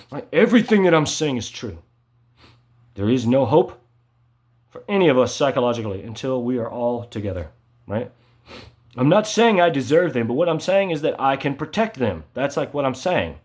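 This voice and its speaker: A man delivering an agitated, repetitive monologue, ending his sentences with "right?" and swinging between loud emphasis and low mutters. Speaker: vlogger. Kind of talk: ranting monologue to camera.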